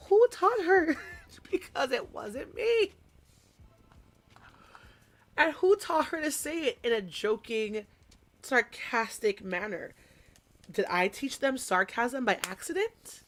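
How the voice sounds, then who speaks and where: A young woman talks through a craft session at an unhurried pace, drifting between hobby chatter and animated stories about teaching small children. She puts on playful voices when she retells what someone said. Soft music plays quietly behind her. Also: high-pitched. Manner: animated storytelling, mimics voices, chatty asides. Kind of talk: casual chat while crafting.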